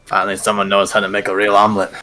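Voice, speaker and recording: A man playing a tabletop game, loud and boisterous about his food. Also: fairly low pitch, completely flat delivery, rapid-fire, soft background music. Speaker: player. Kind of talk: casual tabletop play.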